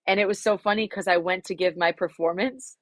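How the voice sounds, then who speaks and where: A woman's voice: fairly low pitch, fairly even intonation, fairly quick, no room sound. A young adult woman, a singer-songwriter, answering interview questions frankly and reflectively, with many fillers and some swearing.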